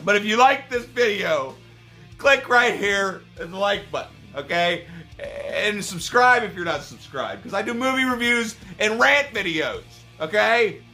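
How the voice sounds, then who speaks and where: A man ranting in a video, swearing heavily and swinging between angry shouting and low, exasperated muttering. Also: expressive, measured pace, soft background music. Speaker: YouTuber. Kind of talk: profane rant video.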